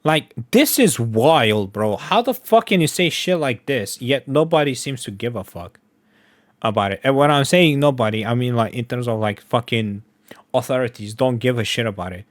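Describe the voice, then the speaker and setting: Reaction host, male, swears freely, bouncy lively delivery, dead-dry booth sound. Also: medium pitch, normal speed, no room sound. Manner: blunt, profane, incredulous. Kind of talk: casual reaction commentary.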